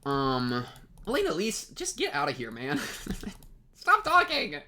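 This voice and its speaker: A young man hosting an anime reaction video, ranting in an exasperated, rambling way, with many restarts and sudden leaps up in pitch. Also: wildly swooping pitch, measured pace, fairly bright tone. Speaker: anime reaction channel host. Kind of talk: animated reaction commentary.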